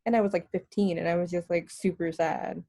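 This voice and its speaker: Twenties woman, podcast co-host, casual and lively, acts out what people said mid-story. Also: fairly low pitch, fairly quick, dry recording. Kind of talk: casual chat. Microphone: video call.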